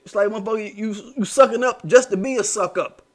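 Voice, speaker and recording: Talking briskly, a man with a fairly high voice delivers a heated monologue on his commentary channel. Slang and swearing pepper his rant, and he says things again and again to hammer them home.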